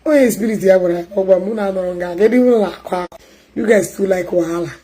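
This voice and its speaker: A Nigerian woman with an Igbo accent chatting loudly and emphatically as a stream host, mixing English and Igbo. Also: mid-range voice, brisk, rough recording. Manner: loud, emphatic talker.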